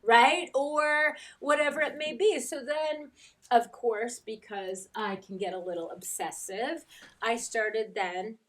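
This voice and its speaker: A woman's voice: on the high side, steady tone, takes it slowly, a bit bright, recorded from a distance. Candid woman life coach, a bit off-mic. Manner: candid storyteller, acts out quotes, laughs easily. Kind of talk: casual chat.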